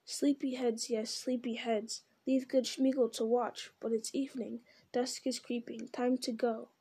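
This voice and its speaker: A pitiful, greedy male creature bickers with himself in a whining, wheedling murmur, put on by a woman reading a storybook. The voice sits a little high yet dark and mellow in tone. It stays narrow in its rise and fall. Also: level tone, measured pace, husky. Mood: fawning. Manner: whining, wheedling, hissing repetitions. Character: wretched creature, male, split into two bickering selves.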